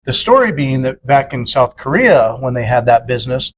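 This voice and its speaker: A man's voice: mid-range voice, sing-song, normal speed, dull audio, slight background noise. A man in casual podcast chat, rambling with many fillers and acting out quoted dialogue in a raised voice. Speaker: podcast co-host.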